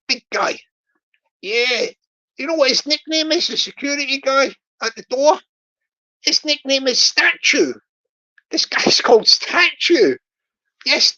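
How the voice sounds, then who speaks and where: A woman with a slightly high, bright and forceful voice hosts a live stream. She rambles through a story, repeating phrases and calling out to the chat as she goes. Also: dull audio. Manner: repetitive, chatty, addresses the chat directly.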